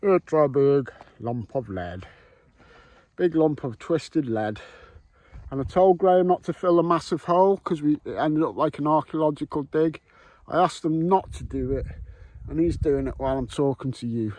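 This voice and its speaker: A man's voice: fairly high pitch, animated, normal speed, darkish tone, dry recording. A man filming his metal detecting vlog outdoors on a windy island, joking, bantering and swearing as he goes. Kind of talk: casual vlog commentary. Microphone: camera mic with wind muff.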